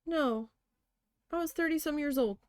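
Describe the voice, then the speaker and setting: While needle felting, a crafting vlogger chats casually and tells stories bluntly, swearing a lot. Her voice sits high and a little mellow, at a moderate pace. The recording is dry and studio quality.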